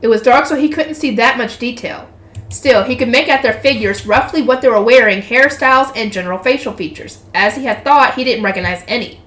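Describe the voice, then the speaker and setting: Female reader, higher voice, narrates a novel with casual off-script asides; roomy echo. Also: a little fast, a bit bright. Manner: chatty asides, swears, laughs at herself. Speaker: channel host reading a novel aloud. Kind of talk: reading a light novel aloud with casual commentary.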